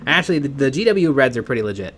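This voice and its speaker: A man's voice: mid-range voice, rapid-fire, a little hiss or hum. A man co-hosting a live miniature painting stream, chatting casually, reading viewer comments and laughing often. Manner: excitable, laughs often, trails off.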